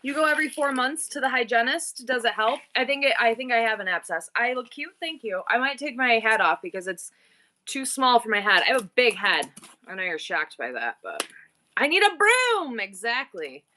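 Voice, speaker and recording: A bubbly, talkative middle-aged woman hosts an online auction stream and keeps up a running chat with her viewers. Her voice sits high and sounds bright and forceful, with a little faint noise underneath. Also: sing-song. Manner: bubbly, chatty, with quick asides to chat.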